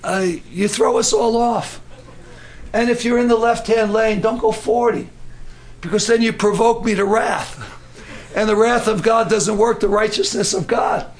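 A middle-aged man preaching a sermon in an animated way, acting out voices and breaking into shouts. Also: high voice, unhurried.

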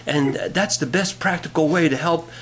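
A man's voice: on the high side, moderate pace, a bit bright, a little hiss or hum, pitched above the performer's own voice, natural voice. Preacher doing an earnest male doctor giving practical advice. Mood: advising.

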